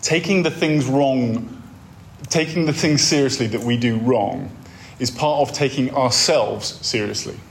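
A man delivers a talk on a faith course in a wry, conversational storytelling manner. His voice sits at an ordinary middle pitch, and he draws listeners in with imagined scenes and dry asides. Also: measured pace, a little hiss or hum. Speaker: course speaker.

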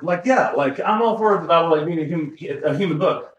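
Co-hosting a laid-back podcast, this man speaks fairly quickly in a slightly high voice. He wanders off on tangents, backtracks to correct himself, and laughs softly between plenty of fillers, all with a roomy echo around him.

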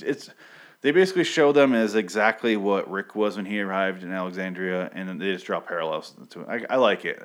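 Guy with a low voice rambling thru a show recap, cussing, keeps correcting himself. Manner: rambling, profane, self-correcting. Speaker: TV episode recapper. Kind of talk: casual spoken recap.

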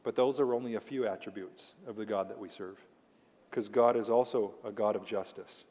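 A man preaching a sermon as pastor, emphatic, slowing down to stress key words and putting questions straight to the congregation. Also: on the low side, fairly even intonation, a little mellow. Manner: addresses the congregation directly with questions. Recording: long reverb of a large hall.

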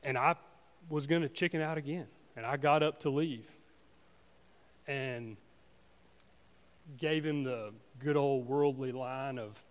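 A man giving a personal testimony at a church service, speaking earnestly and haltingly with frequent restarts. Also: medium pitch, fairly even intonation, big-room sound. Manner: earnest, halting, with many restarts and "you know"s.

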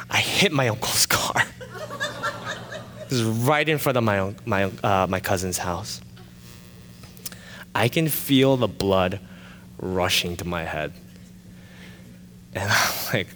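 A male pastor telling a personal story in a sermon, animated and shifting from loud excited retelling to quiet confession. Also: on the high side, measured pace, long reverb tail, a little hiss or hum.

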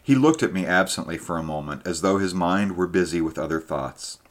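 Low-voiced guy doing audiobook narration, calm and measured. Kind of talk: scripted narration.

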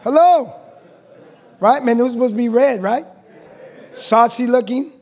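A man preaching a sermon to his church, building to shouted calls and answered by the congregation. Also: very high-pitched, fairly even intonation, moderate pace. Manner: rising to shouted preaching, call-and-response with congregation. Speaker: pastor.

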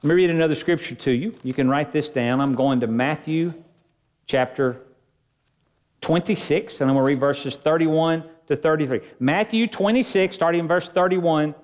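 Pastor, male, high-pitched, preaches in an earnest, chatty way; slightly dull recording. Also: normal speed. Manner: earnest, conversational preaching with shifting emphasis. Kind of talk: sermon.

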